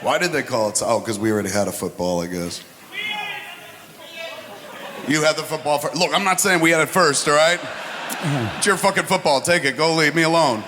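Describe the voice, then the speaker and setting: A man's voice: fairly high pitch, fairly quick, pauses often, long reverb tail, noisy background. A man hosting a casual podcast chat, swearing freely and riffing with mock voices. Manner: profane, riffing, mock voices for comic bits. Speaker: podcast host.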